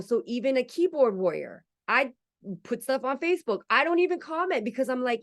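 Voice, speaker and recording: A woman hosting a spiritual podcast in a loose, chatty way. She talks candidly and casually and swears freely. Her voice sits a little high. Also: expressive, a little fast. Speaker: podcast host.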